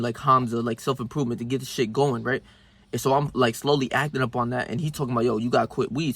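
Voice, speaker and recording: A young man talking casually into the camera, telling a story full of slang and swearing, and he gets animated when he acts out scenes. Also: medium pitch, no echo. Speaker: self-improvement vlogger.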